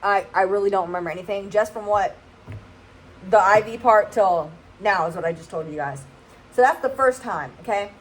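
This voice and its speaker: A woman's voice: mid-range voice, normal speed, a little hiss or hum, low-quality recording. Chatty young woman telling a story. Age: 20s. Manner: chatty, keeps asking "okay?". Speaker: vlogger. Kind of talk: casual storytime vlog.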